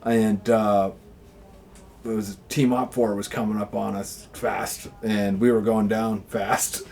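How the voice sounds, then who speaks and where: A man chatting casually, laughing often, swearing and jumping into loud acted voices for quotes. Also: on the low side, little pitch movement, slow, creaky. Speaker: airsoft player. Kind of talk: casual chat.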